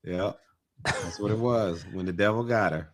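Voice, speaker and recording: A man's voice: lowish voice, normal speed. A man with a New York accent, co-hosting a podcast and recapping a reality show, acting out people's lines as he tells the story. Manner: animated storyteller, acts out quotes. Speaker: podcast co-host.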